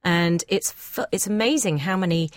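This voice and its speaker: Woman guest on a podcast, lowish voice, dry close sound, thinks out loud. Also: animated, no room sound. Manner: thoughtful, halting. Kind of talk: casual panel discussion.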